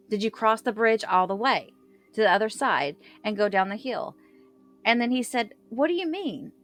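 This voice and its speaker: A chatty true crime commentator, a woman with a medium-pitched voice, casually retells court testimony. Her recap is loose, full of filler words and self-corrections, and she quotes what others said.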